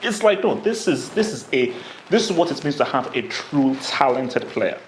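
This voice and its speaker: Male podcast co-host, mid-pitched, reasoned delivery; roomy echo, faint background noise. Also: big pitch swings. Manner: measured, lists points, frequent "I mean" fillers. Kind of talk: casual football chat. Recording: echoey room with faint noise.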